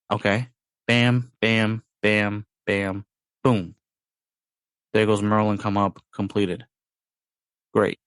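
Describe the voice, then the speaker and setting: Man, podcast host, casual rambling chat, playful sound-effect words, fairly low voice, dry sound. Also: no room sound.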